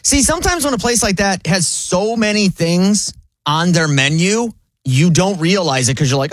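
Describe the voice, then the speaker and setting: A man co-hosting a radio show in relaxed, easygoing chat, with a slightly high voice. The sound is dry and close. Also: normal speed, no room sound. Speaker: radio co-host.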